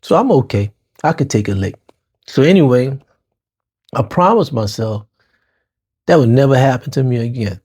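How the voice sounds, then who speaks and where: A man's voice: medium pitch, animated, moderate pace, pauses often, darkish tone, breathy edge. New Orleans man telling his story. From New Orleans, Lower Ninth Ward. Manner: casual, street-slang phrasing, talks to listeners as y'all. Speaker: podcast host. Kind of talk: personal storytelling monologue.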